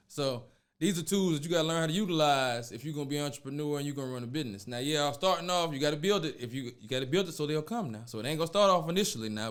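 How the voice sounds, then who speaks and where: A man's voice: fairly high pitch, clean tone. A man hosting a casual podcast, telling stories animatedly, acting out voices and laughing often. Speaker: podcast host.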